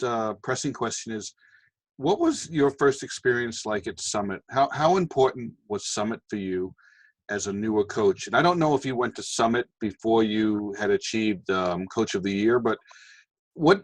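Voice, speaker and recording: A man hosts a team call in a dry, close sound. He puts polite, halting questions to his guest. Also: on the low side, lively intonation, no echo. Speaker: host, team coach.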